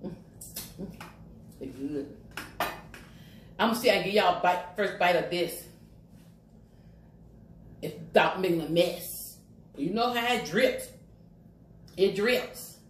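A woman chats slowly to her viewers over breakfast, humming between bites and talking with her mouth full. Her lowish voice swings up and down a great deal. The room sounds echoey, with faint background noise. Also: lively intonation. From Virginia, USA. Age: 50s. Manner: chatty, talks with her mouth full, hums over her food. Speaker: mukbang vlogger. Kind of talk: casual chat while eating.

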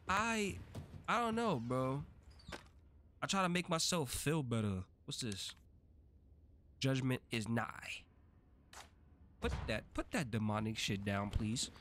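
A man hosting a gaming channel, giving casual, excitable let's-play commentary and swearing freely. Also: mid-range voice, takes it slowly, pauses often, a little hiss or hum. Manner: chatty and excitable, swears freely, talks a lot when nervous.

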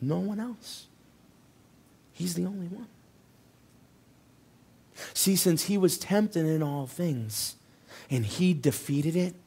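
A male pastor preaching a sermon in a church. He tells a personal story and swings between loud, urgent passages and hushed ones. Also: medium pitch, husky.

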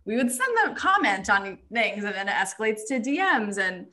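A woman's voice: medium pitch, big pitch swings, normal speed, bright, forceful tone. A woman guest in a casual podcast chat, candidly telling stories.

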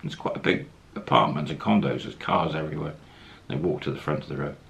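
A man's voice: a bass voice, fast, gravelly, a bit bright, a little hiss or hum. A man casually telling a travel story, acting out the quoted lines as he goes. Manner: anecdotal, acts out quoted lines, chuckles.

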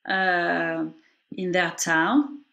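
Woman telling animated stories. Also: fairly low pitch, drawn-out words, creaky, lo-fi sound. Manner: animated, acts out quoted voices. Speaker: documentary writer, interview guest. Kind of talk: podcast interview, storytelling.

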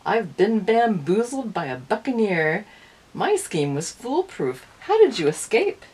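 Woman doing a storybook villain count: sneering, husky. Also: medium pitch, very animated, a little slow, darkish tone, voice pushed up. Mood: blustering. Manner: sneering, blustering. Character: scheming, blustering male villain count.

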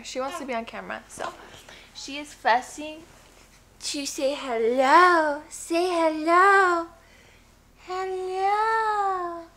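Young mom vlogging on her phone, bright voice, rambly and blunt, lots of likes and ums. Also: medium pitch. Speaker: new mother vlogger. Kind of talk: casual chat to camera. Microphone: phone camera.

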